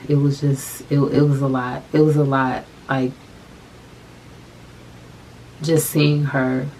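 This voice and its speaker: A young adult woman telling a personal story to camera, soft-spoken and halting, often repeating her phrases. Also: extremely low pitch, flat delivery, a little hiss or hum, low-quality recording. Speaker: vlogger.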